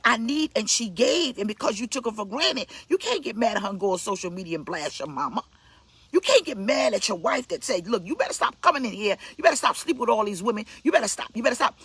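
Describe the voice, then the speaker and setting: A woman's voice: fairly bright tone, slightly rough, no room sound. A woman pastor from Brooklyn, preaching bluntly and emphatically in a scolding tone. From Brooklyn, New York. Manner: blunt, emphatic, scolding, with sudden pitch leaps. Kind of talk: preaching sermon.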